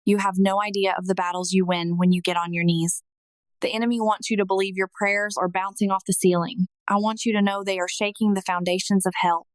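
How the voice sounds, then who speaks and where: A woman in her thirties gives a personal spiritual testimony, earnest and heartfelt, though her delivery is flat and a little fast. Her voice sits at an ordinary middle pitch. The low-quality recording is close and dry, with no echo or room sound.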